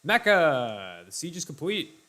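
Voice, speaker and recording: A man's voice: a little high, very animated, a little slow. Laid-back man narrating his strategy game. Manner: chatty, laid-back, addresses viewers as ladies and gentlemen. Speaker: let's play host. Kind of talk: casual gameplay commentary.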